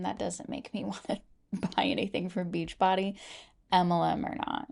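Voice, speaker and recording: Gravelly low-voiced skeptical woman. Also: little pitch movement, moderate pace, a little mellow. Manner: skeptical, wry remarks. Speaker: commentary channel host. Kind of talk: casual commentary.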